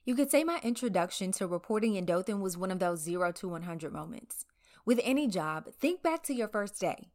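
A woman's voice: medium pitch, animated, brisk, darkish tone. A woman reporter from the American South narrating her own story in a candid, conversational way with wry asides. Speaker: local TV reporter. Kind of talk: scripted first-person narration.

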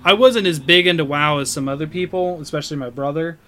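Bright clear-voiced man chatting casually. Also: a little high, quick pace. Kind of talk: casual gaming chat. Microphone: video call. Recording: online call, connection glitches.

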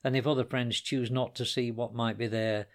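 A man reading a story aloud in a quiet, measured way. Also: medium pitch, level tone. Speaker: reader. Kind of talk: storytelling narration.

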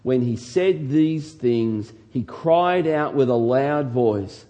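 An animated male preacher delivering a sermon. He reads scripture dramatically and sometimes shouts out the lines he acts out. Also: mid-range voice, slow. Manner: shouts dramatically when acting out quotes. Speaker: pastor.

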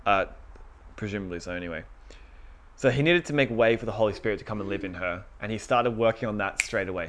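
Young male preacher, casual talk, animated quoting, mid-range voice. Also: medium pitch. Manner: conversational, animated retellings with quoted voices. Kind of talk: casual sermon.

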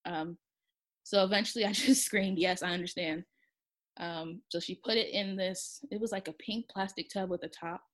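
A soft-spoken woman telling a personal story in a halting way, with many pauses and restarts. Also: medium pitch, fairly even intonation.

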